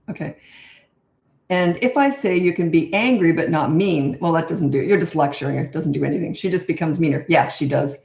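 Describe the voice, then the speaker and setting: An older woman runs a live parenting Q&A in a blunt, chatty way and answers viewer questions in plain, no-nonsense terms. Her voice sits a little low. The room around her sounds echoey. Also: a little fast, vocal fry, darkish tone. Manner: chatty and blunt, laughs at her own stories. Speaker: parenting coach.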